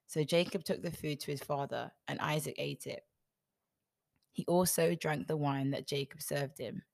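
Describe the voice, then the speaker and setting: A woman's voice: low-pitched, normal speed, vocal fry. A woman reading a Bible story aloud and stopping to make wry, joking comments. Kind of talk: storytelling with sarcastic asides.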